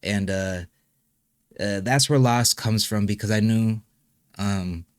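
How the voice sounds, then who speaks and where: A young man with a lowish voice talks about his life in a personal interview. His speech halts often, full of fillers and restarts as he searches for words. The sound is close and dry, with no room echo. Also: steady tone, smooth. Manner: halting, with many fillers and restarts. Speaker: musician and channel host being interviewed.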